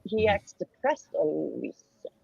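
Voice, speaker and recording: Husky-voiced woman hosting a stream, laughs at herself a lot, voice jumps around, kinda dull lo-fi audio. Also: low-pitched, very animated, moderate pace, a little mellow, no echo. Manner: laughing often, self-deprecating. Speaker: host. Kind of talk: casual chat. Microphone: video call.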